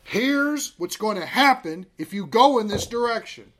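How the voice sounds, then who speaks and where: Higher-voiced man teaching a Bible class. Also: measured pace. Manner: conversational, animated storytelling.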